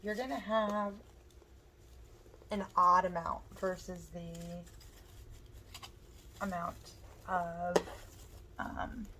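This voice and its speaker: A woman whose voice is hoarse talks viewers through a craft project at an unhurried, slow pace, chatting as she works with her hands. A faint background noise sits under the recording. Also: fairly low pitch, steady tone. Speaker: craft tutorial host. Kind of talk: step-by-step crafting instruction.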